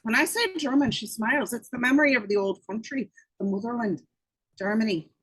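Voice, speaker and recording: A woman with a husky voice reading a stocky, grumbling fifty-year-old man from Belfast in an amateur script read. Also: on the high side, a little fast, fairly bright tone, dry recording. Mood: needling.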